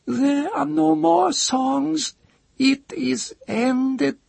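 A man voicing a frightened chanter who stammers and cries out in a high, rising voice. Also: steady tone, extremely slow, creaky, a little mellow, no echo, exaggerated voice. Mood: terrified. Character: terrified old male chanter, high-voiced.

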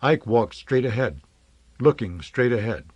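A man narrating an audiobook in a calm, measured storytelling voice. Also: medium pitch, no room sound, muffled recording.

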